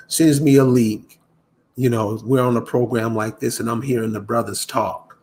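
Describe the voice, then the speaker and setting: A man's voice: mid-range voice, normal speed. A man ranting casually to his viewers, exasperated and preachy, often restarting his words. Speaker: commentator. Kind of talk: casual rant to camera.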